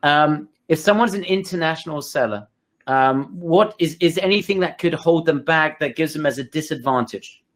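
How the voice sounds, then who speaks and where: Upbeat guy hosting a webinar, bit higher voice, talks right to the chat. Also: normal speed, a bit bright. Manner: enthusiastic, addresses the audience directly. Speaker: webinar host.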